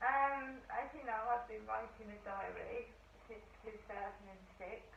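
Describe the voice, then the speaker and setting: A hoarse middle-aged woman chats away to camera in a rambling, diary-like way. Her voice sits a touch high. She sounds set back from the mic in an echoey room, with a dull tone and faint hiss. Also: steady tone, measured pace, a bit bright, distant mic. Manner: rambling, chatty storytelling. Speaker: vlogger. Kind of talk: casual diary-style chat. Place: at home in her flat.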